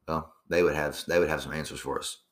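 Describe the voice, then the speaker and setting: A young man with a very deep voice talks in a meandering, casual monologue. He swears freely and keeps circling back with ums and restarts. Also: fairly even intonation, quick pace. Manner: profane, meandering, lots of fillers and restarts.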